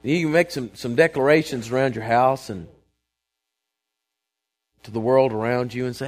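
A man, preaching a sermon to his congregation, emphatic and calling for responses, swinging between loud proclamations and quiet asides. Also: mid-range voice, steady tone, moderate pace, pauses often. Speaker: pastor. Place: church sanctuary before a congregation.

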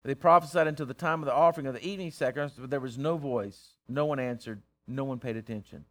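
A man preaching a sermon, folksy and teasing, swinging from loud to hushed. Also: mid-range voice, fast talker. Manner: plain-spoken, folksy, teasing.

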